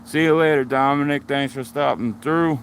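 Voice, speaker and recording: Guy, middle-aged, gravelly voice, slow easy talk, phone stream outside w/ faint noise. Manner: relaxed and chatty, jumps to a high sing-song voice when talking to his dog. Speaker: livestream host. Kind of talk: casual live-stream chat while walking. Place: outdoors at his home and backyard.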